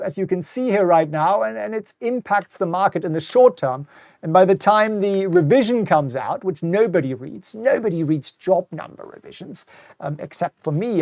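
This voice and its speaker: On his live stream, a middle-aged host from Germany chats casually about markets, answering viewers and frequently repeating words. He speaks with a German accent blended with British English, in a high, slightly mellow voice with vocal fry. There's no echo.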